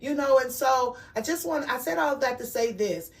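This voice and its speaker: A woman's voice: high voice, lively intonation, moderate pace, creaky, recorded from a distance. A woman in her fifties hosting a talk show, telling stories in an emphatic, motherly way. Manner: warm motherly storytelling, emphatic. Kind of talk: casual conversation.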